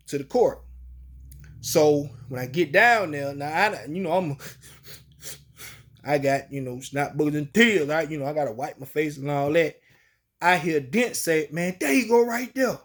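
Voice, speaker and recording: Slangy man telling a story, fairly high voice. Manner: slangy, colloquial. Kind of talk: casual spoken storytelling.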